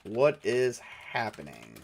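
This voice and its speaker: A man's voice: on the low side, wildly swooping pitch, slow pace, creaky. A man narrating and playing a solo tabletop game, thinking aloud with many fillers. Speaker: game master and solo player.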